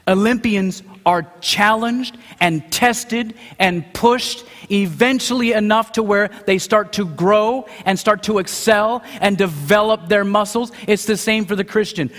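A middle-aged man preaching a sermon, dramatic, acting out quotes and swinging from hushed lines to near shouts. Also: sits high. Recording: long hall reverb.

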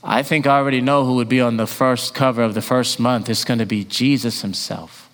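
Preacher guy in a big echoey hall, mid pitch, goes from loud calls to hushed near-whispers. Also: steady tone, brisk. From Jamaican family. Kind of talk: sermon. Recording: long hall reverb.

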